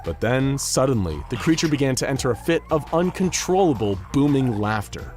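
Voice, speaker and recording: A man's voice: mid-range voice, sing-song, fairly quick, a little mellow, soft background music. A man reading a scripted narration with dramatic storytelling emphasis.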